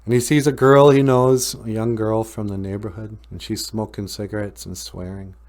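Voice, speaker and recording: With a lowish voice at normal speed, this podcast host meanders casually through a story. Fillers and chuckles pepper his laid-back telling.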